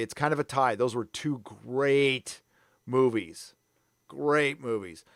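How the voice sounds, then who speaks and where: A man's voice: medium pitch, no echo, clean studio sound. A man from San Diego hosting a live stream, chatting casually in a rambling, self-deprecating way. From San Diego, California. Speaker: livestream host.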